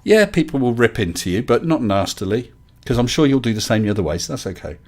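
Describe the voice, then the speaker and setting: Man, middle-aged, live-stream host, chatty, jokey, mid-pitched voice. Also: very animated, quick pace, darkish tone. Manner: chatty, joking, talks to viewers by name. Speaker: livestream host. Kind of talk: casual live-stream chat. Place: home desk.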